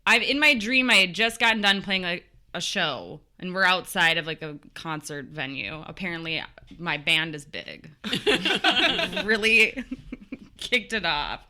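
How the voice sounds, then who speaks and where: A young adult woman telling a spooky story as a podcast guest, animated and laughing often. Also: fairly low pitch, unhurried. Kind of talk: casual storytelling chat.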